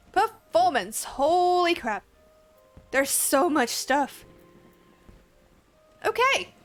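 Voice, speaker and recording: Young woman, game streamer, high voice, excitable chatter, swears and laughs, faint game music behind. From Australia. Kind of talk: casual live-stream chat.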